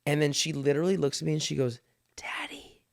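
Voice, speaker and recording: Laughing dad telling a bedtime story. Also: male voice, a little high, rapid-fire, vocal fry. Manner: animated storyteller, laughs often. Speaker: podcast co-host. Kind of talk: casual chat.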